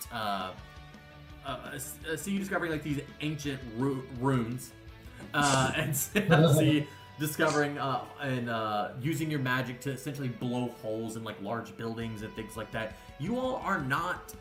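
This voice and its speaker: Man, game master, halting rambling narration, roomy echo, soft music behind. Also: mid-range voice. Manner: rambling, halting, many fillers. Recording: echoey room with faint music.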